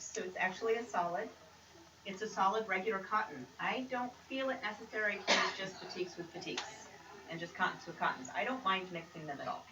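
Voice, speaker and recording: A woman presenting a quilting demonstration in a casual, chatty way with upbeat asides. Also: mid-range voice. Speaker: quilt pattern designer presenting. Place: creative center studio. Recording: roomy, distant, noisy room sound.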